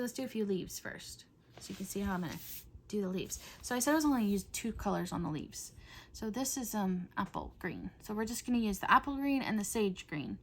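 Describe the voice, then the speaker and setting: A middle-aged woman hosting a coloring video, chatting in a rambling way and often dropping to a soft whisper. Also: mid-range voice. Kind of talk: casual chat while coloring.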